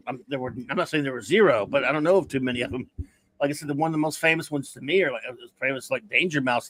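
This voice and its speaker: A man's voice: mid-range voice, fairly bright tone. A man from the United States hosting a casual livestream chat over a video call, thinking aloud with many restarts. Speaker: host.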